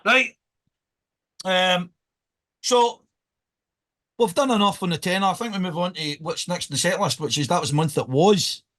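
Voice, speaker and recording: A man's voice: sits high, moderate pace, long pauses, a bit bright. A Scottish man hosting a podcast, joking and rambling in casual banter. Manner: joking, rambling, laughs often. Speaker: podcast host.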